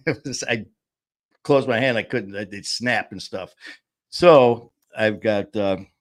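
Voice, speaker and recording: Man, live-stream host, lowish voice, rambling and joking, table mic in a small studio. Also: takes it slowly. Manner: rambling, joking, restarts and laughs. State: a little loopy after anesthesia. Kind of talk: casual live-stream chat. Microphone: table-mounted studio mic.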